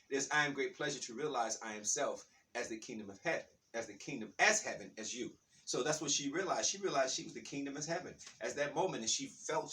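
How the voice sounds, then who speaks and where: A man telling a rambling, animated story in a casual spiritual talk, with many restarts. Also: mid-range voice, distant mic, a little hiss or hum.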